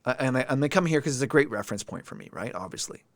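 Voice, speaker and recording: A man's voice: mid-range voice, expressive, racing, no echo. A man hosting a live stream, talking earnestly and emotionally and answering viewer comments as he goes. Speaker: livestream host. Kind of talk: heartfelt livestream talk.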